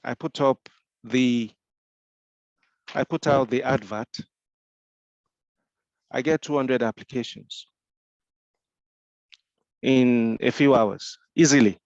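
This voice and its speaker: Gravelly Nigerian-accented man mentoring. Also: medium pitch, takes it slowly, pauses often, a little mellow, dry recording, muffled recording. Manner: rhetorical questions, frequent repeated restarts. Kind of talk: explanatory Q&A discussion.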